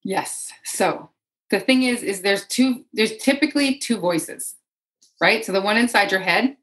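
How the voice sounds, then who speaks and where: A woman's voice: medium pitch, measured pace, a bit bright, low-quality recording. A woman, a podcast guest and energy healer, speaking in a flowing way and often repeating her phrases. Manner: flowing, repeats phrases, voices inner thoughts in quotes. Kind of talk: casual podcast interview.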